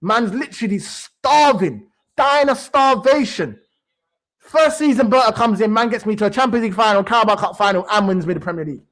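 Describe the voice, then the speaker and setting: A man's voice: high voice, a little fast. A young man, hosting a football livestream and ranting heatedly, swearing and repeating his points. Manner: animated, swearing, repeats phrases for emphasis. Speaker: sports stream host.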